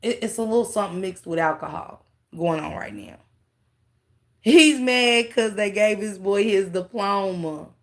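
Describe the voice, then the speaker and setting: A woman's voice: mid-range voice, measured pace. A woman hosting a casual livestream, mocking a clip she reacts to and talking straight to her viewers with laughing asides. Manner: talks straight to chat, thanks viewers.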